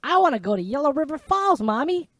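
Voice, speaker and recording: A shrill bratty little boy. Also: sing-song, fast talker, a bit bright, no echo. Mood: eager.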